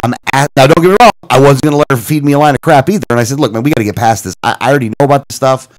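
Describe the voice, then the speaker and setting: A man co-hosting a radio talk show, telling a story in a casual, animated way, acting out both sides of a phone call. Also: mid-range voice, very fast. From Florida. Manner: animated, retelling phone calls with quoted dialogue and self-corrections.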